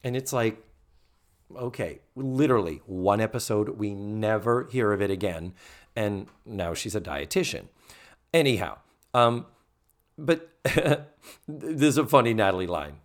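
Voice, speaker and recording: Podcast co-host, male, animated and exasperated, with a lively pitch. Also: a little slow, long pauses. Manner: animated, exasperated critique with frequent "yeah". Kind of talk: casual chat recapping a TV episode.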